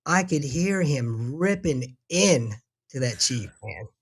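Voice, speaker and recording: A man's voice: mid-range voice, lively intonation, slow, husky. A middle-aged man telling a profane war story in casual chat, acting out the quotes.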